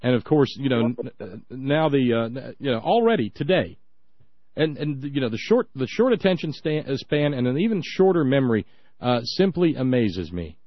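Halting, sarcastic man on lo-fi radio. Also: medium pitch, sing-song, no echo. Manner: sarcastic, halting with many fillers. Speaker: radio talk show co-host. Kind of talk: political talk radio chat. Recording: dull dry lo-fi sound.

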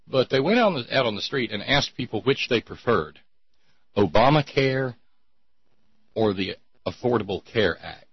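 A man's voice: mid-range voice, lively intonation, moderate pace, husky, dry recording, dull audio. A man hosting a talk show, chatting in a rambling, sardonic way with many restarts. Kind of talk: casual call-in show banter.

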